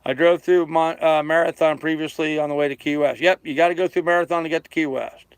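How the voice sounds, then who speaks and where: A man's voice: fairly high pitch, steady tone, fast, clean tone, no echo. An older man sailing on a small boat, chatting casually on a live stream as he reads out and answers viewer comments. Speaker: sailing vlogger. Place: aboard a small sailboat.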